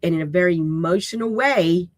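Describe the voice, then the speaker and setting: A woman's voice: on the low side, normal speed, dry recording. Woman host of a live-streamed writing lesson; raw, plainspoken, keeps asking "okay?". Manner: casual and direct, checks in with "okay?"; unapologetically raw way of speaking.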